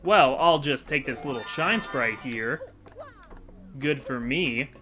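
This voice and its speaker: A man talks his way through a video game in a casual, rambling, self-deprecating manner. His voice is bright and sits at an ordinary pitch. Faint game music runs in the background. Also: lively intonation, slow. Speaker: video game let's-play host. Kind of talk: casual gameplay commentary.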